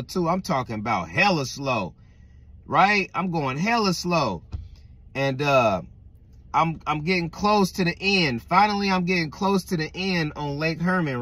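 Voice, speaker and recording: A young man telling a spooky story in a casual, animated way, swearing often and checking in with the listener. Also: a little high, unhurried, husky. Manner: animated, swears a lot, keeps asking "right?". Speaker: vlogger.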